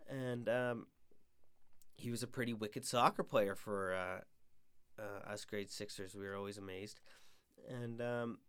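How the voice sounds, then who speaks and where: A man's voice: fairly low pitch, steady tone, a little slow, a bit bright, smooth. A young man from Canada hosts a casual chat. He rambles through stories with plenty of fillers and self-deprecating humour. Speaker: podcast host.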